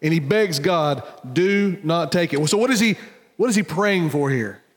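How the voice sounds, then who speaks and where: A pastor giving an earnest sermon, swinging between loud emphatic lines and hushed, low ones. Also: male voice, lively intonation, normal speed. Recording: church hall reverb.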